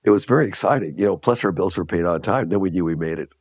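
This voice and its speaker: A man's voice: sits low, quick pace, dry recording, studio quality. An older man from Los Angeles, telling stories in an interview at a leisurely pace, repeating phrases for emphasis and chuckling. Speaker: guest, entrepreneur. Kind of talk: interview storytelling.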